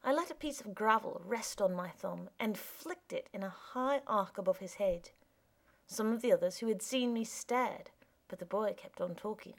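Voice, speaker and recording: A woman narrating a first-person story in a measured, often soft reading voice. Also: mid-range voice, creaky.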